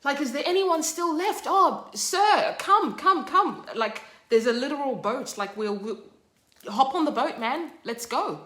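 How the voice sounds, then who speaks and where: A woman voicing urgent rescue workers coaxing someone onto their boat. The voice is pushed high and bright, with room echo. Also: animated, a little slow.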